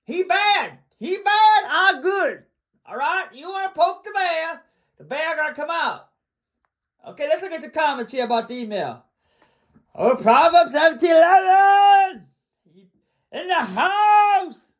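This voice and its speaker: A man hosting a livestream, ranting boastfully and repeating himself, often bursting into shouts. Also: very high-pitched, animated, normal speed. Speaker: livestream host.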